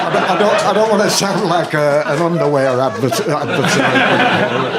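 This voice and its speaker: A man, a poet guest on a comedy panel, speaking deadpan and correcting himself for laughs. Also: a little high, unhurried, over a noisy crowd, heavy background noise. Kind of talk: comic panel banter. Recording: loud audience laughter behind.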